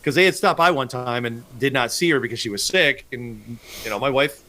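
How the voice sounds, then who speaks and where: A man's voice: medium pitch, lively intonation, fairly quick, sharp tone. A man hosting a casual fishing podcast, telling rambling, profane stories about his trips. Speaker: podcast host.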